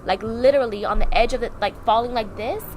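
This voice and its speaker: A woman's voice: on the high side, fast talker, a little hiss or hum, rough recording. A woman in her twenties, a podcast co-host, telling a candid personal story and acting out remembered dialogue. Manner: animated, acts out remembered dialogue.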